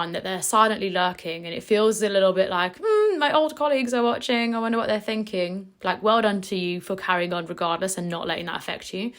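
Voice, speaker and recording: A woman delivers a motivational solo podcast with punchy, emphatic energy. She stretches key phrases for effect and swears casually. Her pitch sits in an ordinary middle range for a woman. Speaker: podcast host and business coach.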